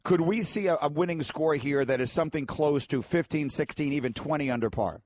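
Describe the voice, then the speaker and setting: A man's voice: a little high, a little fast, darkish tone, dry recording. A man co-hosting a sports talk radio show, speaking in a theatrical, mock-preachy, emphatic way. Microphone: studio microphone. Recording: dry studio sound.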